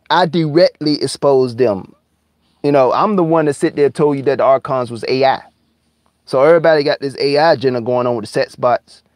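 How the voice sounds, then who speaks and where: A man rants on his live stream, heated and full of swearing, circling back over the same points and stretching some words out slowly. His voice sits at an ordinary middle pitch and sounds dry and close, with no room around it. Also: dry recording. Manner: heated, profane, repetitive, drawling slowdowns. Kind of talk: angry conspiracy rant on a live stream.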